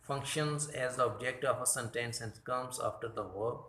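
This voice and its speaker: A man teaching a grammar lesson from slides, speaking deliberately and correcting his own slips. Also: mid-range voice, fairly bright tone, reverberant. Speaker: English teacher.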